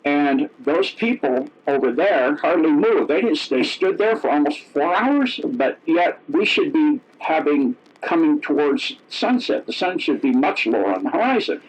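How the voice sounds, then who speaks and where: Man, middle-aged, interview guest, rambling, self-correcting, raised pitch. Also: very animated, a little slow, few pauses. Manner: rambling, self-correcting, acts out quoted dialogue. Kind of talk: casual storytelling. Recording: dull lo-fi audio.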